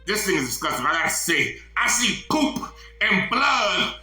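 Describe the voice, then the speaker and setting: A man with a high, very bright and piercing voice tells a story in loose, animated talk, swearing freely and filling gaps with "man". The room around him is echoey and has faint music behind it. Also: measured pace. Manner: animated, profane, repeats "man" often. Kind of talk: casual storytelling.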